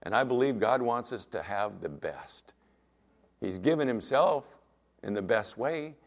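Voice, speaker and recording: A man's voice: medium pitch, animated, unhurried. A middle-aged man preaching a sermon as pastor, earnest and emphatic, weaving in personal anecdotes.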